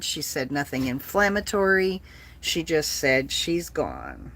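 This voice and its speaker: Slow-talking blunt woman in her late fifties. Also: low voice, very animated, fairly bright tone. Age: 50s. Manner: blunt, profane, talks to chat viewers. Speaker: livestreamer. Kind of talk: casual livestream chat.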